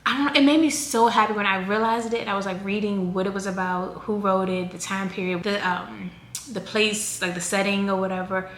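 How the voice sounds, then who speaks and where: A woman's voice: mid-range voice, brisk. Chatty woman in her thirties, echoey room. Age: 30s. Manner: chatty, rambling, animated. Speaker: vlogger. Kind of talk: casual chat to camera. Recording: echoey room with faint noise.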